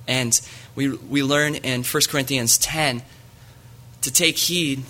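Preacher, male, earnest sermon delivery, bright and forceful tone, mid pitch. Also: fairly even intonation, slow pace. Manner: earnest, reads scripture aloud.

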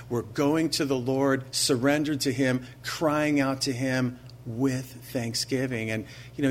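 Male pastor, mid-range voice, conversational sermon, leans on rhetorical questions, slows for emphasis. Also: medium pitch, a little hiss or hum. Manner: earnest, slows down to stress key phrases.

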